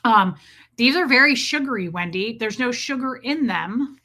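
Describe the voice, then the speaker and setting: A woman's voice: fairly high pitch, animated, moderate pace, sharp tone. A young woman from the Midwest with a Midwestern accent, chatting casually on her livestream, rambling and answering viewers' comments. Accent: Midwestern American. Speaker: livestream host.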